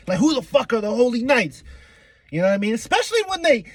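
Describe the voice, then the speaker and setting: Young man, fairly high voice, hyped slangy recap host who swears a lot and slips into characters' lines, dry close sound. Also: brisk, breathy edge, no room sound. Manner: excitable, profane, slangy, acts out characters' lines. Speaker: manga reaction youtuber. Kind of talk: casual chapter recap.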